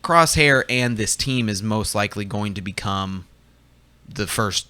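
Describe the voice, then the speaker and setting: A man's voice: on the low side, measured pace, sharp tone, clean tone, no room sound. A young man co-hosting a casual fan podcast, talking chattily with fillers and restarts. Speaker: podcast co-host.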